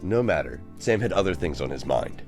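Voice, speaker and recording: A man reading a dramatic story aloud as narrator, with slow storytelling. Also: very deep voice, sing-song, gravelly, darkish tone, soft background music. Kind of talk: audiobook narration.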